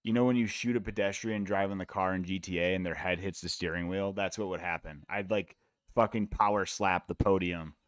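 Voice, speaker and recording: A man's voice: low-pitched, steady tone, brisk, no echo, studio quality. A man from the United States hosting a live fight watch-along stream, talking in a laid-back, rambling, profane way. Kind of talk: casual chat.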